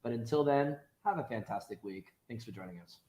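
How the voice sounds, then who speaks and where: A man's voice: mid-range voice, expressive, brisk, a little mellow, reverberant, poor audio. A man hosting a casual talk show, upbeat, chatting while eating. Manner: upbeat, talks with his mouth full while eating. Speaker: show host.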